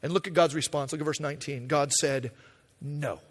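A man preaching a sermon, animated, acting out paraphrased dialogue in a casual voice. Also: on the high side, fast talker, big-room sound. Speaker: pastor.

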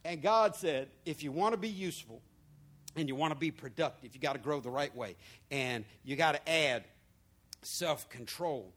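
A male pastor preaching a sermon, moving between quiet asides and loud, emphatic points. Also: on the high side, moderate pace. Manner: lively preaching with swings from soft to loud.

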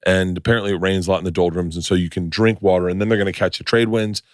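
A middle-aged man hosting a podcast, telling stories in a profane, animated way in casual chat. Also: sits low, very fast, no echo, studio quality. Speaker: podcast host.

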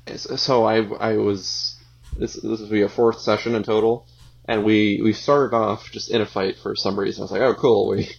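A man co-hosting a podcast, chatting hesitantly with many pauses, on a muffled, lo-fi mic. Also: fairly low pitch, flat delivery, vocal fry, slightly rough. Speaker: podcast co-host. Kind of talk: casual chat.

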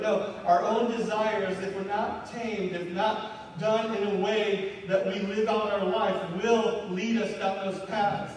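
A high-voiced man preaches in a loose, conversational way, often tagging "right?" onto his lines. He sounds distant from the mic, with heavy hall reverb and a faint hiss behind him. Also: level tone, measured pace. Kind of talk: sermon. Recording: echoey hall from far off with faint noise.

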